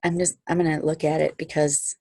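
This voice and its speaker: A woman's voice: low voice, flat delivery, fairly quick, mellow, no room sound. A middle-aged woman leading her sales team on a video call, upbeat and encouraging, chatting with asides.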